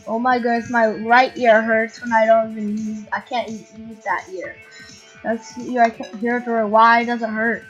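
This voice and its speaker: A woman's voice: a little high, level tone, moderate pace, a bit bright. A woman casually commenting on her gameplay, giggling a lot and breaking into playful squeals. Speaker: gamer. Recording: dull lo-fi audio with faint game music.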